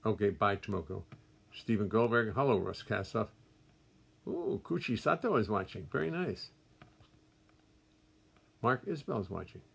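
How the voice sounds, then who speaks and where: Older guy musician chatting to his stream viewers, husky and a bit gravelly, dry jokes. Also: fairly low pitch, animated, moderate pace, long pauses. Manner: chatty, warm greetings, wry self-deprecating jokes. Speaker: musician hosting a livestream. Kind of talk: casual livestream chat, reading viewer comments. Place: home music studio.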